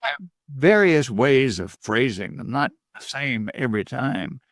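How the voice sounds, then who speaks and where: An older man from Georgia, a communication coach guest, giving measured, deliberate advice in points. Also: mid-range voice, very animated, a bit bright, no echo, clean studio sound. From Georgia, USA. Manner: measured, deliberate, lists points and quotes sayings.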